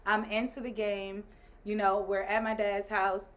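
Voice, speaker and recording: A woman in her thirties, a guest and the host's wife, telling a story in casual chat, animated and laughing as she acts out other people's lines. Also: medium pitch, a little slow.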